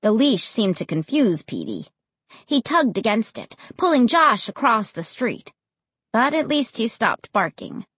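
A woman narrating a children's story as an audiobook reader, with an expressive, lively delivery. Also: a little high, a little slow, breathy edge, no echo.

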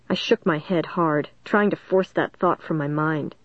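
A woman narrating a first-person suspense story in a steady, dramatic storytelling manner. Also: low-pitched, a little slow, hardly any pauses, dry recording, dull audio. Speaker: audiobook narrator.

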